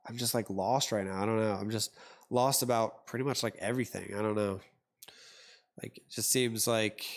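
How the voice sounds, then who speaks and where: A man hosting a podcast, talking in a loose, rambling way with lots of fillers, restarts and some swearing. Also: fairly low pitch. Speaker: podcast host. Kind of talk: casual chat.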